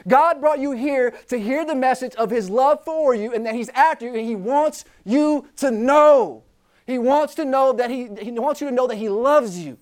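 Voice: high voice, moderate pace. A youth preacher giving an impassioned sermon straight to students, repeating key phrases and asking questions. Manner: talks directly to the listeners, with questions.

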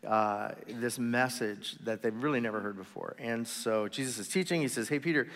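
A man preaching a sermon as pastor, telling the story in a relaxed, chatty way with asides and quick voices for the people in it. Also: mid-range voice. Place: church sanctuary. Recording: long reverb of a large hall.

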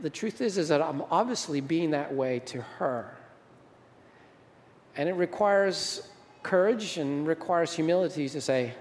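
Here the same sort of sermon comes from a man whose voice sits on the high side, expressive and a little slow, with a darkish tone. He chats with the congregation and keeps asking them questions, and a big hall's long reverb trails behind him.

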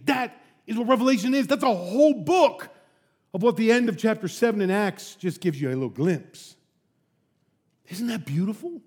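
A man preaching a sermon, emphatic and animated, with loud peaks, soft drops and casual rhetorical asides. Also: sits high, normal speed, breathy edge. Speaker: pastor.

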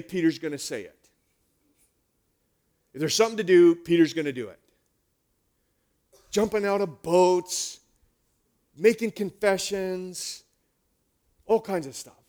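A male pastor preaching a sermon, retelling stories with lively swings between hushed and loud delivery. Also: sits high, a little slow, long pauses.

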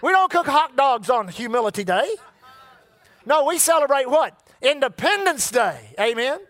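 A man's voice: very high voice, big pitch swings, moderate pace, fairly bright tone, dry recording. A middle-aged man preaching a sermon in a folksy, repetitive way and calling out to the congregation. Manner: folksy, repeats words, calls on the congregation.

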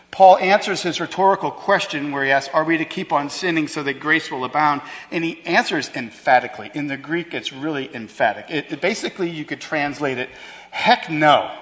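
A man's voice: on the high side, a bit bright. A pastor preaching a sermon to his church, emphatic and conversational, with rhetorical questions. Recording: long hall reverb.

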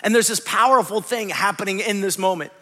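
A male pastor preaching a sermon dramatically, swinging between loud bursts and hushed, quiet passages. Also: sits high, brisk, in a large hall.

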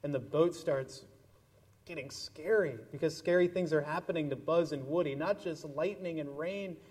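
Brief: man with a slightly high voice, animated children's storyteller in church, long reverb from the sanctuary. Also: moderate pace. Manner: animated storytelling with toys, playful. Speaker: pastor leading a children's message.

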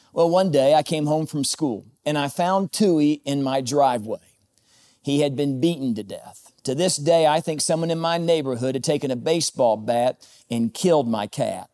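A man with a slightly higher voice preaches to his congregation in a relaxed, conversational way. He mixes jokes with a personal story, and his voice drops lower and softer as he talks about loss. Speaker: pastor. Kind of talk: sermon.

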